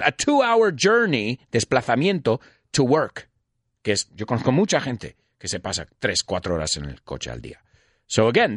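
Male podcast teacher, animated and playful, lively pitch, dry close recording. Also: no room sound. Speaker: language teacher and podcast host. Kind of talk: podcast lesson, explaining words.

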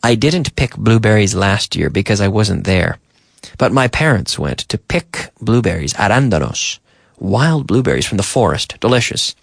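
A man's voice: on the low side, very animated, moderate pace, creaky, dry recording, studio quality. A man from eastern Canada teaching English on the radio, patiently repeating and drilling words for his learners. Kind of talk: radio English lesson for Spanish speakers.

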